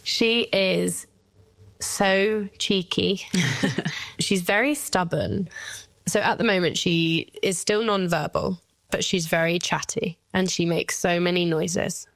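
Woman, 30s, candid interview guest, slightly low voice, dry recording. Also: no echo. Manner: candid, tearful at times, with light laughs. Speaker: guest, mother. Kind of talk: emotional personal interview.

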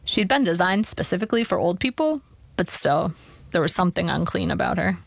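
A woman's voice: lowish voice, expressive, a little fast, gravelly, no room sound. A woman narrating a personal essay in a wry, dry storytelling manner. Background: soft guitar music.

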